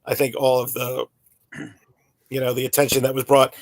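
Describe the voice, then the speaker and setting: A man's voice: medium pitch, completely flat delivery, normal speed, no echo. A man in his forties, talking in a rambling way full of fillers and restarts in a casual podcast chat. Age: 40s.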